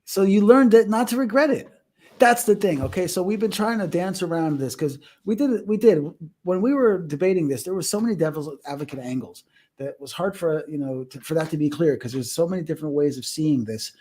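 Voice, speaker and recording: A young man with a slightly high voice tells a story on a podcast, jumping into the voices of the people in it. His telling is lively and casual, a co-host talking with his partner. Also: fairly quick. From United States. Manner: animated, acts out voices in stories.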